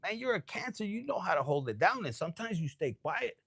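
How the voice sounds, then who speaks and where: Tipsy guy doing a live tarot read, gravelly voice, kinda high, dry close sound. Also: very animated, fast talker, fairly bright tone, dry recording. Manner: loose, profane, mixes Spanish phrases. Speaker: tarot reader. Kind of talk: casual live tarot reading.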